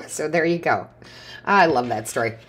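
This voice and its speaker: A woman's voice: low-pitched, expressive, unhurried, fairly bright tone, breathy edge. A woman giving a casual tarot reading, talking in a chatty storytelling way and laughing often. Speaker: tarot reader.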